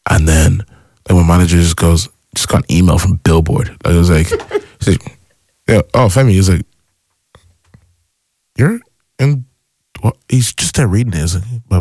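Very low-voiced young man, excitable. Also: dry recording, studio quality. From Ireland. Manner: excitable storyteller, acts out his own reactions. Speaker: musician guest. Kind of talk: casual interview chat.

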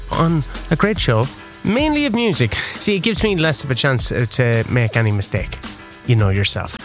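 A man's voice: fairly high pitch, a bit bright. An Irish man hosting an afternoon radio show, chatting casually with a jokey, self-mocking manner. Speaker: radio presenter.

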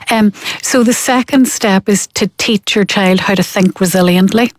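A woman's voice: mid-range voice, normal speed, hardly any pauses. A woman, a parenting expert explaining her methods in an interview, acting out the parents she quotes. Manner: animated, acts out quoted parents.

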